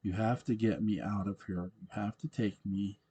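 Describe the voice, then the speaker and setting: A man's voice: fairly low pitch, fairly even intonation, moderate pace, mellow, slightly rough, rough recording. A man reading the lines of a frantic, frightened older woman in a hospital, pleading and angry. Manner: pleading, desperate.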